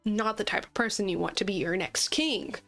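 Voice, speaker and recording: A woman's voice: medium pitch, brisk, creaky, a bit bright, soft background music. A woman hosting a gaming channel, chatting casually and playfully with frequent giggles as she plays. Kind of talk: casual gameplay chat.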